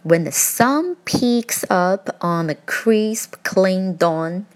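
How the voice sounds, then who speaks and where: A woman reading a rhyming picture book aloud, with an expressive, rhythmic delivery. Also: medium pitch, extremely slow. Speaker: storyteller.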